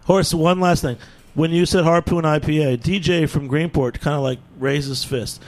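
A man's voice: fairly high pitch, steady tone. A man hosting a beer talk radio show, chatting casually with guests and reading event announcements. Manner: upbeat, laughs easily, quick plug-filled wrap-up. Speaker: radio podcast host.

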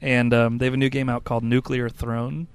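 A man's voice: medium pitch, little pitch movement, a little fast, clean tone. A man co-hosting a casual podcast chat about games, rambling with lots of fillers and restarts. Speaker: podcast co-host.

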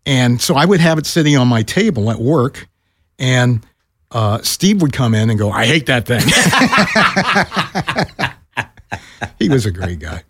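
A man's voice: slow, pauses often, breathy edge, no echo, clean studio sound. An older man, a retired broadcaster, telling a story in a casual chat on a podcast and acting out the other voices. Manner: animated, acts out quoted voices with pitch jumps.

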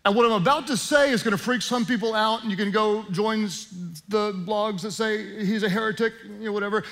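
A male pastor preaching a sermon in a conversational style with joking asides, slowing down for prayer. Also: sits high, fairly bright tone.

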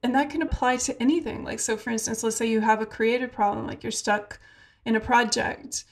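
Higher-voiced woman hosting a podcast. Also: steady tone, brisk. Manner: curious, guiding questions, gentle. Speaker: podcast host. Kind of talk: casual podcast conversation.

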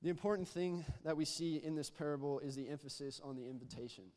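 Long hall reverb fills the church sanctuary as a young man, a youth pastor, delivers a casual sermon. He speaks fast in a level, slightly mellow, higher-pitched voice, frequently repeating words and getting the congregation to answer back.

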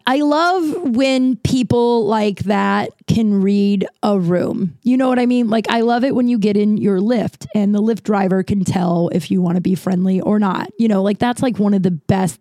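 Rambling woman podcaster, dark dry voice. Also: medium pitch, no echo. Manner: rambling, filler-heavy, animated retelling. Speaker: podcast host. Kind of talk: casual storytelling monologue.

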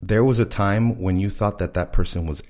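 A man co-hosting a podcast, talking earnestly, quick to laugh and acting out his own inner voice. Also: lowish voice, fairly even intonation, a little mellow. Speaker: podcast co-host. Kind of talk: casual chat.

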